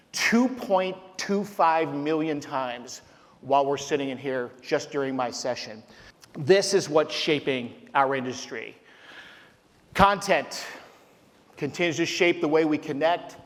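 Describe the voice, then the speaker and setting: A man, giving a conference keynote as a company CEO, earnest and personal with self-deprecating jokes. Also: fairly high pitch. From Utah, United States. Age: 50s. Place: large conference hall stage. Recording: reverberant conference hall sound.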